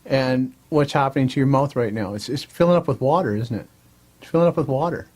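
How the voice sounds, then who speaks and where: A man's voice: mid-range voice, a little fast, a little mellow. A man hosting a self-help show, coaxing listeners through affirmations and often checking in with "all right?". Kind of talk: motivational talk to camera.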